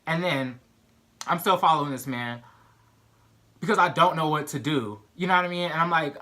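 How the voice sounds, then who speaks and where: A young man vlogger telling a story in an animated, casual way, full of "like" and "you know what I mean". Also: a little high, fairly quick. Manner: animated, filler-heavy storytelling. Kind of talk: storytime vlog.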